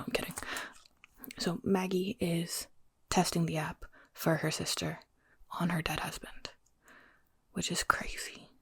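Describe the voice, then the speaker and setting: A woman whispering a chatty book recap, keeping her voice hushed and often correcting herself. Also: fairly low pitch, slightly rough, no echo. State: whispering so as not to wake someone. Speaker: book vlogger.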